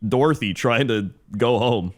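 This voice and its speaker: Man, podcast co-host, casual chat, rambling anecdote, mid-pitched, chuckles. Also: a little slow. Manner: rambling storyteller, chuckling often.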